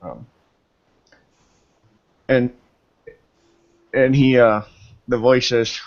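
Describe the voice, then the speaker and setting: A man running a tabletop game as game master, narrating in an unhurried, halting way with fillers. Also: mid-range voice, little pitch movement, darkish tone. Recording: dull lo-fi recording.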